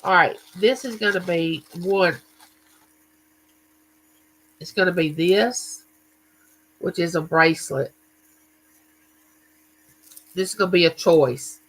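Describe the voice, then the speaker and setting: Male livestream host, bright and forceful, loose chatty storyteller who greets his chat. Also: high voice, takes it slowly, long pauses, low-quality recording. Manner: chatty, tells stories and greets viewers by name.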